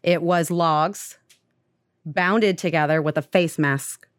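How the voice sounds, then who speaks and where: A woman's voice: sits low, fairly even intonation, takes it slowly, smooth, no echo, studio quality. A young woman casually retelling a story on a podcast, full of "like" and acted-out quotes.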